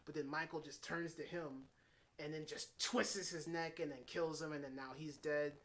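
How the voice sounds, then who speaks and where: A man giving a casual spoken film review, excitable and swearing freely as he runs through scene after scene. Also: on the high side, moderate pace. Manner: excitable, swears freely, strings events with "and then". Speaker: movie reviewer.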